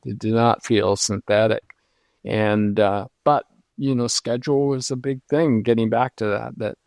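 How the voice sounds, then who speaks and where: A man in his seventies, a guest in an interview, telling stories from his career in a reflective, unhurried way with many pauses and restarts. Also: mid-range voice, a little mellow, dry recording. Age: 70s. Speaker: lighting designer guest. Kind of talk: conversational interview storytelling.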